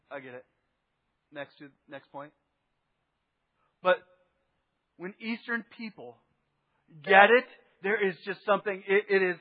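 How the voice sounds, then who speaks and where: A man pastor tells a story in an animated sermon, swinging between loud bursts and near-murmurs. His voice is high for a man and husky. The recording is dull and lo-fi, with a long reverb from the sanctuary.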